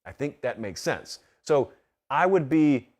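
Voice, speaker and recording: A man's voice: mid-range voice, very animated, a little slow, darkish tone. A man hosting a solo sports talk show in a studio, emphatic and full of rhetorical questions. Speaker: host.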